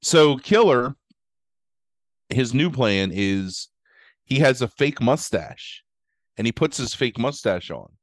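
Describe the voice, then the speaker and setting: A man's voice: medium pitch, lively intonation, slow pace, pauses often, dry recording, studio quality. A man chatting casually as a podcast co-host, rambling through a movie recap full of "like" and "um" while acting out quotes. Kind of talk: casual chat.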